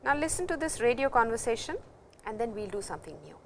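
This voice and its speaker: A woman's voice: on the high side, big pitch swings, a little hiss or hum. Patient Indian woman teaching Japanese. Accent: Indian English. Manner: patient, explanatory, repeats terms slowly. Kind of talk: classroom lecture.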